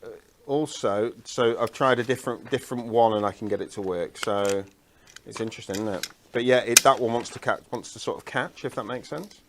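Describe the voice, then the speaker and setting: A man's voice: mid-range voice, brisk, background noise. A man co-presenting a live craft show, rambling through explanations with restarts and jokey self-deprecating banter.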